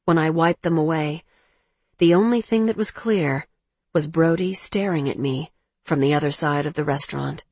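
A woman narrating a first-person romance audiobook in a measured, emotional way. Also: low-pitched, darkish tone, breathy edge, no room sound.

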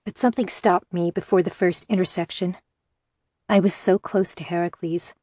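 A woman reading a first-person novel aloud in measured, steady audiobook narration. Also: lowish voice, husky, no room sound, studio quality.

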